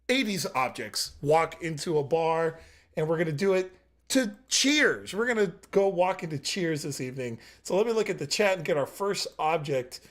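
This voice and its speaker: Lively, high-voiced male improv host. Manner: upbeat, leads the game and reacts to jokes. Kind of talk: hosting a live online improv game. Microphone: video call.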